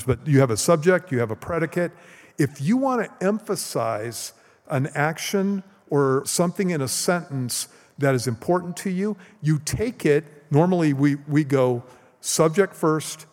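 A man in a church sanctuary teaches scripture in an easy, conversational way, pitching questions to his listeners. His voice sits slightly high for a man. A long hall reverb trails behind every phrase. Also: a little mellow. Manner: conversational, rhetorical questions to the congregation. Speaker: pastor. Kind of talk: teaching sermon.

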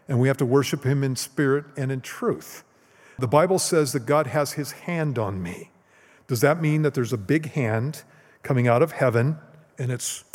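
A man giving a conversational teaching sermon as pastor, often asking the congregation questions. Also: mid-range voice. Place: church sanctuary. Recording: long hall reverb.

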